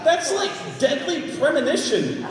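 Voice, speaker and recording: A man's voice: very high voice, unhurried, heavy background noise. Ranting man in an echoey hall. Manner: animated, ranting, profane. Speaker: convention panel host. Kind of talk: live convention Q&A. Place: large convention hall. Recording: echoey hall, distant mic, audience.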